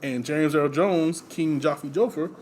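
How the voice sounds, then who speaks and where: A man's voice: on the high side, measured pace. Guy chatting loose and easy, laughs a lot, bit of hiss behind him. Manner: relaxed storytelling, laughs often, many fillers. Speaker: podcast host. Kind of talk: casual chat.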